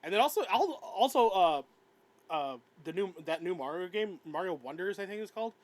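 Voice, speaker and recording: A man's voice: high-pitched, expressive, fairly quick, rough recording. A man co-hosting a podcast, chatting about games in a rambling way with frequent stammers and giggles. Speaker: podcast co-host. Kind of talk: casual gaming chat.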